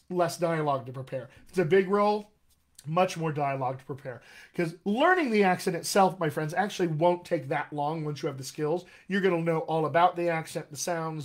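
A man coaching actors on accents in a live-streamed Q&A, energetic and encouraging, calling his viewers "my friends". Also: a little high. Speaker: dialect coach. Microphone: computer mic on a live video stream.

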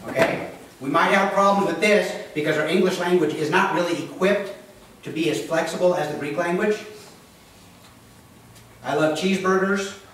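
Male pastor, sermon, plainspoken, high voice, echoey church hall from a distance, faint background hiss. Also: moderate pace, long pauses, fairly bright tone. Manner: plainspoken, keeps checking in with the congregation.

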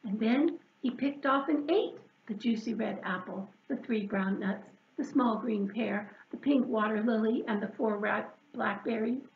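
A children's librarian reads a picture book aloud to preschoolers, slow and expressive. Her voice sits slightly high for a woman. It comes through dull and lo-fi, with an echo off the room. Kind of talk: preschool storytime read-aloud. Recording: echoey room, dull lo-fi sound.

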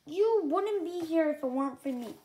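A woman's voice: high-pitched, animated, moderate pace, warm tone. A woman voicing an earnest young male dragon. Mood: insistent. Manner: insistent, earnest.

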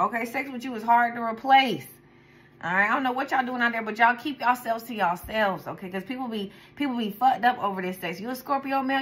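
A woman's voice: fairly high pitch, brisk, fairly bright tone, low-quality recording. Chatty, profane woman tarot reader. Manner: profane, chatty, rambling, with frequent laughs. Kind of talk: casual tarot reading to viewers.

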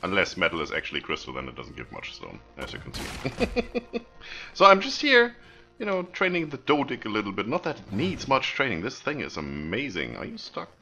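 Lively chatty man with a bright tone. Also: lowish voice, moderate pace, creaky. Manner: chatty, self-amused, talks to viewers while playing. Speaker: gaming video host. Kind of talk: casual gameplay commentary.

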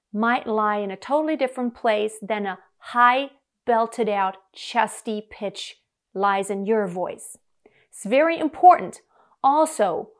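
A woman from Germany, a vocal coach, explaining singing technique in a clear, deliberate way to camera. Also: a little high.

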